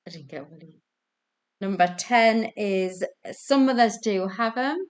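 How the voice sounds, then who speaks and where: A woman's voice: medium pitch, a little slow. A woman hosting a casual online quiz over a video call from home, chatty, giggly and self-deprecating. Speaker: quiz host.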